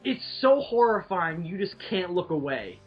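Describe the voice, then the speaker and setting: A young man in casual chat who tells profane stories in a crude, excitable way. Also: high voice, normal speed, breathy edge. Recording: dull lo-fi recording, faint music.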